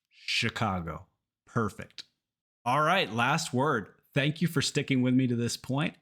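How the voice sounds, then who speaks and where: A man from runs an English pronunciation lesson at an unhurried pace. His voice sits at an ordinary middle pitch, and he models each word carefully, repeating it so learners can copy him. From Kentucky, United States.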